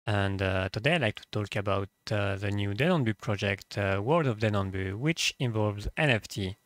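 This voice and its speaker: Young French-accented male host, low dry voice, halting and blunt, casual commentary on a cheap mic. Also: a bit bright, no room sound. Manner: hesitant, many "uh" fillers, blunt and profane. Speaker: channel host, translator. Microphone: cheap microphone.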